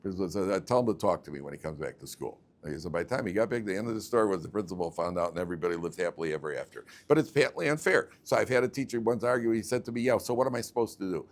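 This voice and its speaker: A man, a rabbi teaching a class, telling stories with lively, repetitive delivery and acting out both sides of arguments. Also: low voice, racing, hardly any pauses. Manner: animated, repeats words, acts out both sides of arguments. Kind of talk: lively storytelling lecture.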